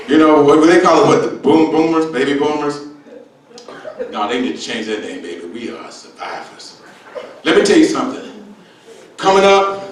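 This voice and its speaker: Older brash comic in an echoey room. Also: male voice, on the high side. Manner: brash, streetwise, exaggerated, keeps calling people baby. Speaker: stand-up comedian. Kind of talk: stand-up routine. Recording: echoey room, distant mic.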